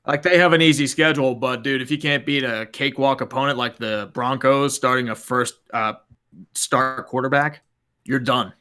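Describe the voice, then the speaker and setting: A man's voice: medium pitch, fairly even intonation, moderate pace, sharp tone, clean tone. A man co-hosting a casual sports stream, joking and mock-exasperated about his team. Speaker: co-host.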